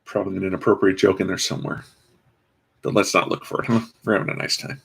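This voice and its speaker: Gravelly man chatting while building. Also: low voice, quick pace. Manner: rambling, dry self-mocking asides. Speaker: vlogger building a toy kit. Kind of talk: casual live-stream commentary.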